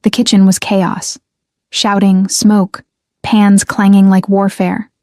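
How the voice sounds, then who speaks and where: A young woman reading a first-person story in a measured, restrained scripted narration. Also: medium pitch, completely flat delivery, warm tone, dry recording, clean studio sound.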